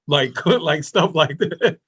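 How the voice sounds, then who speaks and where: Husky, slow-talking podcast host. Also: male voice, on the high side, lively intonation, a bit bright. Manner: short backchannel replies, laughs along. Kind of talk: casual interview chat.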